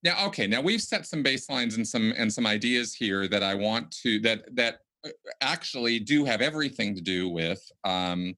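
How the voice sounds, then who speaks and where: Bright-toned male podcast host. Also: lowish voice, lively intonation. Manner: halting, many restarts and repeated words. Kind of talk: casual conversational podcast.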